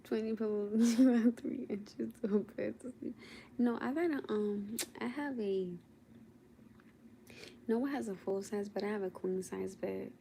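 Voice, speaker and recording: Young woman host, drowsy and playful, low gravelly tone, faint hiss behind her. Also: a little slow, warm tone. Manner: sleepy, teasing, laughs often. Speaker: livestream host. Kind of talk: casual late-night livestream chat. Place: at home in bed.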